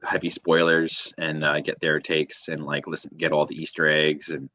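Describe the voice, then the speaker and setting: A man's voice: extremely low pitch, little pitch movement, moderate pace, bright, forceful tone. A man in a casual stream chat, talking hesitantly with lots of fillers.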